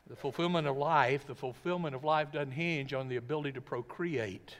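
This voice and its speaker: A man's voice: mid-range voice, a little fast. A male pastor preaching a sermon in a church sanctuary, emphatic and full of rhetorical questions. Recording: long reverb of a church hall.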